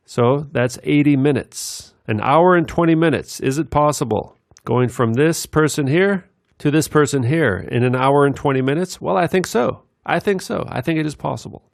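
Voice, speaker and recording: A man giving rambling commentary over video clips, meandering with many filler pauses. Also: medium pitch, vocal fry, no echo, clean studio sound.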